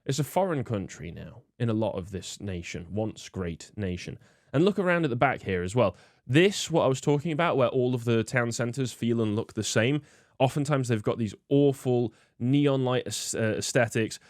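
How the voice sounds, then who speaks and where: A man's voice: medium pitch, expressive, moderate pace, no echo, clean studio sound. A man hosting, giving disdainful political commentary with many fillers. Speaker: host.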